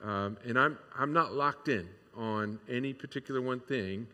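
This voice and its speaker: A man's voice: mid-range voice, normal speed, bright, forceful tone. A man preaching a sermon in a candid, conversational way, with many fillers and restarts. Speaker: pastor. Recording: long hall reverb.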